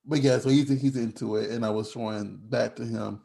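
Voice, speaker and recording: A man's voice: mid-range voice, steady tone, a little fast, gravelly, mellow. Rambling, easygoing male podcast host. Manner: rambling, with frequent restarts and laughs. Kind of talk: casual chat.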